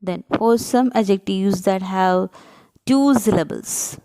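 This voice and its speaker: A woman's voice: mid-range voice, slow, dark tone. A woman teacher explaining grammar to young students, working step by step, spelling out letters and breaking words into syllables, often checking with "right?". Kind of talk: grammar lesson for children.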